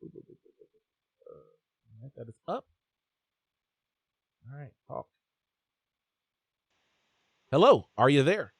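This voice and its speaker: A man hosting a live sports call-in show, talking in an energetic, chatty way with many fillers and restarts. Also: fairly high pitch, drawn-out words, creaky, pauses often, breathy edge, no echo, clean studio sound. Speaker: host.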